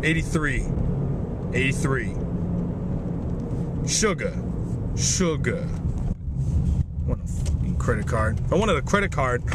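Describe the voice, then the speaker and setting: A man's voice: mid-range voice, very noisy. A young man ranting angrily and swearing into a camera inside his car. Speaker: vlogger. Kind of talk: ranting vlog.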